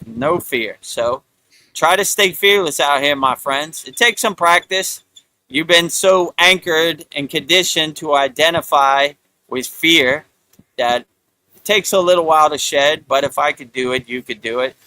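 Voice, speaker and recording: Bright man rambling casually. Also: fairly high pitch, measured pace, dry recording. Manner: rambling, repeats "you know", mocking put-on voices. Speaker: spiritual talk host. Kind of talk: casual live-stream monologue.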